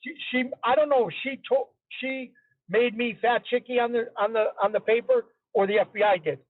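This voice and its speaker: A man's voice: extremely high pitch, fairly even intonation, moderate pace, no room sound. A man as an interview guest, telling a story in a chatty, casual way and repeating himself for emphasis. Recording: tinny phone-line sound, dry.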